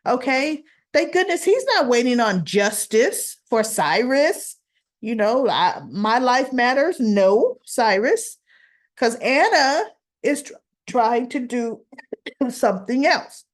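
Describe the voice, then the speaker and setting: A woman's voice: a little high, very animated, slow. A woman giving a chatty recap of a soap opera, retelling scenes in quoted dialogue, with a sore throat and a cough. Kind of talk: casual recap monologue.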